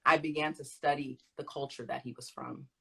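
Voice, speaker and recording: A woman's voice: a bass voice, steady tone, brisk, vocal fry, bright, forceful tone, breathy edge, low-quality recording. A woman speaking as a guest in a conversation, teaching emphatically and animatedly with frequent laughter.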